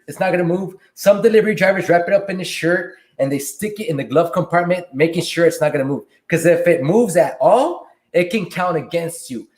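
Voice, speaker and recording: A man hosting a casual livestream Q&A, reading viewer questions aloud and answering them in a relaxed way from a room at home. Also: sits high. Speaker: livestream host and delivery driver. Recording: echoey room.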